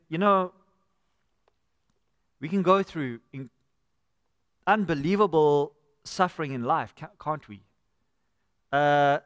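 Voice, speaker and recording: A man's voice: a little high, clean studio sound. A man preaching a live sermon as pastor, earnest and conversational, often addressing listeners as friend. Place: church sanctuary. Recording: church hall with long reverb.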